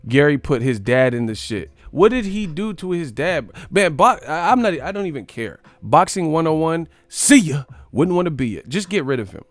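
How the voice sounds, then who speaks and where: A man's voice: fairly high pitch, sing-song, moderate pace, hardly any pauses, no room sound. A man hosting a boxing live stream, ranting profanely and animatedly about the sport. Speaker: boxing channel host.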